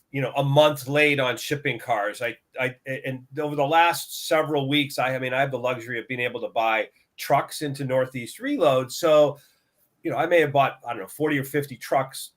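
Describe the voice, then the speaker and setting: A man's voice: medium pitch, a bit bright. A man on a market discussion panel, talking casually and retelling his conversations with suppliers in quoted dialogue. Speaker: lumber buyer on a market talk show.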